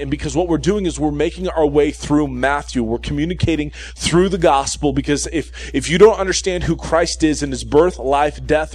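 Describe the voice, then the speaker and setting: A male preacher delivers a sermon with lively, humorous storytelling, circling back to repeat his main points and checking in with the room. His voice sits a little high for a man. The sound is close and dry, with almost no reverb. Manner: animated, repeats key points and checks in with "okay?".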